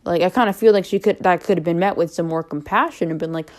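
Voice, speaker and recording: A woman's voice: fairly low pitch, fast. A young woman talking to camera about personal matters, rambling, unscripted and candid, with frequent fillers. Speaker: vlogger.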